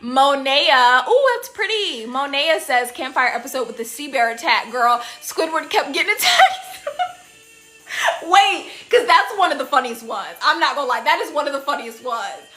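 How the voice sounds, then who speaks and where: Young woman chatting on a phone live stream, high voice that swoops all over, bright, laughs a lot and does silly cartoon voices. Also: normal speed, soft background music. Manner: laughs often, animated, quotes cartoon lines in silly voices. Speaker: TikTok live host. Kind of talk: casual live-stream chat reading comments.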